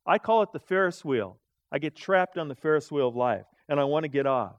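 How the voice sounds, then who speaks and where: High-voiced animated male preacher. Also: fairly quick, dry recording. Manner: animated preaching with dramatic swings in loudness and pace. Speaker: pastor. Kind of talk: sermon.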